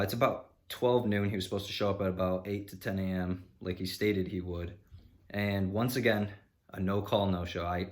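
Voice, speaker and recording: A man vlogger tells a story in a loose, rambling way, with lots of "you know" and restarts. His voice sits on the low side, and a frustrated edge runs through his telling. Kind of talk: casual storytelling.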